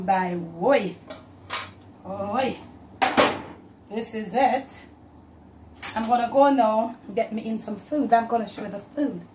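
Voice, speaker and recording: A woman from Jamaica with a Jamaican accent, hosting a casual cooking vlog, chatting warmly and slipping into patois. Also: medium pitch, echoey room, background noise. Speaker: cooking channel host.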